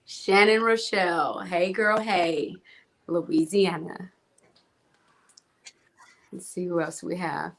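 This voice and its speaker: Slow, chatty woman. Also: lowish voice, fairly even intonation, fairly bright tone, rough recording. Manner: slow, chatty, laughing often. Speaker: co-host. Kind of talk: reading out viewer greetings.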